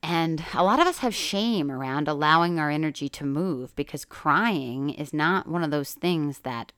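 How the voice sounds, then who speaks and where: A woman's voice: deep voice, moderate pace, fairly bright tone, clear, resonant tone, no echo, clean studio sound. A woman life coach talking casually on her own podcast, candid and chatty, swearing freely and laughing often. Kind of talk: casual solo podcast talk.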